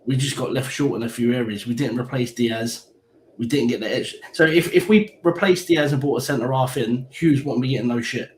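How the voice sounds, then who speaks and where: A man's voice: medium pitch, a little fast, a little mellow. A man giving blunt, heated opinions on a casual football live stream, swearing freely. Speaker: fan pundit. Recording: echoey room with faint background hiss.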